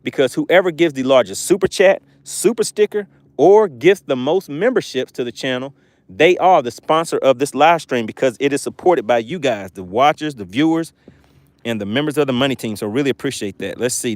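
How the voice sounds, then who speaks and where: A man's voice: on the high side, no echo. A man hosting a live fishing stream from a boat, chatting casually and laughing as he reads viewer comments aloud. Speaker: fishing channel host.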